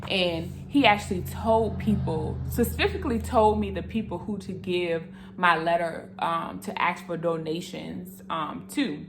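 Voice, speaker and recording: A young woman tells her faith testimony straight to camera in a slightly low voice. She is earnest and animated, speaking to her viewers with open emotion. Faint room noise sits behind her. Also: measured pace, gravelly, hardly any pauses.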